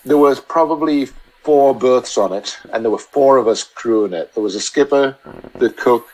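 A man chatting as a podcast guest, telling long, halting anecdotes full of restarts. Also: medium pitch, rough recording. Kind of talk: casual storytelling chat.

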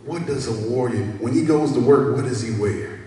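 A man's voice: mid-range voice, normal speed, mellow. A man preaching a sermon to his church, repeating key phrases and calling for responses from the congregation. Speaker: pastor. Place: church sanctuary. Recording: echoey church hall, mic at a distance.

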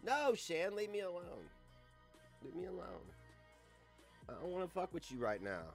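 A man's voice: sits high, normal speed, soft background music. Crude, ranting man in his forties. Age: 40s. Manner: crude, mocking, loud and animated. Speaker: streamer. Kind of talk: ranting live stream.

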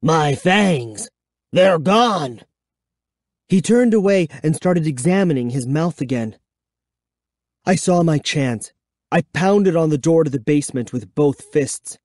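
Man narrating slowly with lively expression. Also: a little high, dry recording, clean studio sound. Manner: expressive, measured first-person storytelling. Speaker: audiobook reader. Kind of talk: dramatic audiobook narration.

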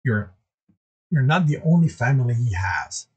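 A man voicing a middle-aged male portmaster who pleads and argues in frustration, with a husky voice. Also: mid-range voice, big pitch swings, moderate pace, darkish tone, pitched below the performer's own voice. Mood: exasperated.

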